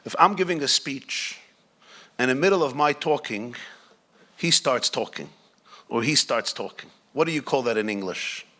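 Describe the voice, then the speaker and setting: A man's voice: medium pitch, animated, normal speed, pushed and bright. A man, a rabbi, giving a conversational Torah class, asking the audience questions and adding joking asides. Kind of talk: Torah class talk to a live group.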